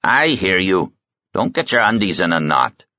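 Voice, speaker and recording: A man voicing a gruff, suspicious older woman in an audiobook, grumbling and sharp. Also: low voice, very animated, normal speed, no room sound, heavily acted. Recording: slightly muffled dry audiobook recording.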